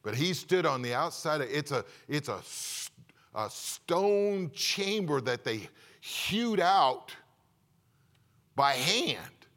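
A middle-aged man preaching a sermon as pastor, moving between loud emphatic points and low confiding asides while putting questions to his congregation. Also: big pitch swings, takes it slowly.

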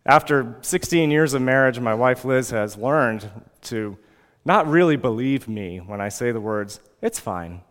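A man in his forties preaching a sermon as pastor, earnest and lively, now and then acting out pleading prayers. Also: mid-range voice, a little slow, big-room sound.

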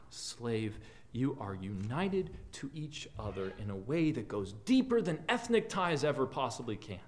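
A man preaching a sermon as a pastor in a church, earnest and often dropping quiet at the ends of phrases. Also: mid-range voice, big pitch swings, measured pace. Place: church sanctuary.

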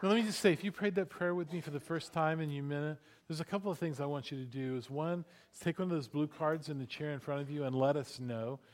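A man's voice: fairly high pitch, quick pace, hardly any pauses, a little hiss or hum. Man pastor leading prayer and announcements. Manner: soft prayerful then upbeat and joking. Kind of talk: sermon closing and church announcements.

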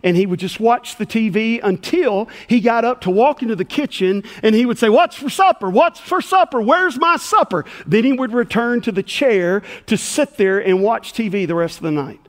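A man's voice: high voice, moderate pace, few pauses. A man preaching a sermon as pastor, telling a story and acting out the voices of the people in it. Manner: animated storyteller, acts out voices in his tale. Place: church sanctuary. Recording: long hall reverb.

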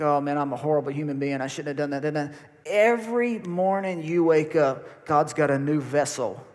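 A man, preaching a folksy sermon to his congregation and repeating words as he goes. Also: on the high side. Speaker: pastor. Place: church hall. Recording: long reverb of a church hall.

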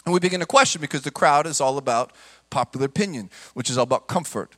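Bright high-voiced preacher in a hall. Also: male voice, fast. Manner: impassioned preaching, acts out quoted voices. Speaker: pastor. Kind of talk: sermon.

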